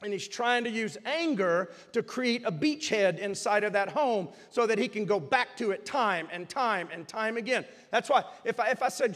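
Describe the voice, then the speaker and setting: A male pastor preaching a sermon in a church, moving from calm teaching to loud shouted calls to praise. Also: sits high, moderate pace, hardly any pauses, big-room sound. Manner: preaching, swings from quiet teaching to shouted exhortation. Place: church sanctuary.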